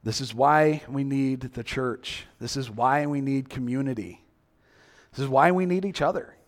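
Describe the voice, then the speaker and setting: A man's voice: mid-range voice, moderate pace. A male preacher giving a sermon, acting out quoted reactions and asking the listeners many questions.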